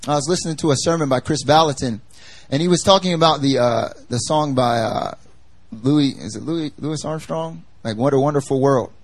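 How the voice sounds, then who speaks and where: A man's voice: mid-range voice, normal speed, no room sound. A male pastor giving a conversational sermon in a chatty, emphatic manner, repeating his key phrases for effect. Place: church service.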